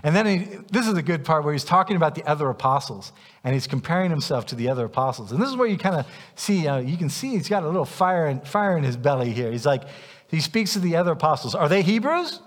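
Quick and animated, a pastor whose voice sits on the high side preaches an emphatic sermon that directly challenges his congregation. The long reverb of the church hall colors the sound of the sanctuary.

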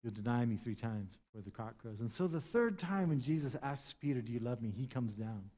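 Pastor preaching with rising and falling intensity. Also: male voice, medium pitch, lively intonation, normal speed. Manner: impassioned, swings between loud emphasis and hushed tones; retells scripture, acting out the speakers' lines. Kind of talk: sermon.

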